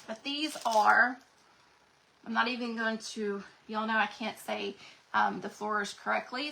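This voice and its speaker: A woman's voice: on the high side, creaky, sharp tone, slight background noise, low-quality recording. A woman hosting a craft livestream, chatting and gushing to viewers, her voice cracking from a sinus infection. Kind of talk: casual livestream chat to viewers.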